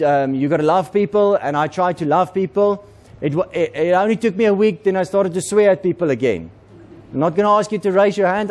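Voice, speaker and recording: A man's voice: a little high, darkish tone. A man, preaching a conversational sermon to a congregation and repeating words as he goes.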